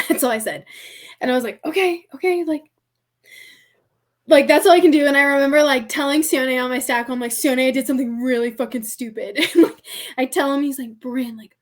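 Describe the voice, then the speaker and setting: A young American woman with a high voice tells a story on a podcast. She is chatty and casual and fills her speech with "like". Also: fairly quick. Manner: chatty, heavy use of "like", laughs often. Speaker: podcast guest.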